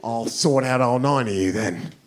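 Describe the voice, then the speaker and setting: A man's voice: mid-range voice, moderate pace, pitched below the performer's own voice, close to an everyday voice. A man voicing a tiny, very drunk, cocky British man who taunts with a British accent. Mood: taunting. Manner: brash, taunting. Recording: live show with audience laughter and noise.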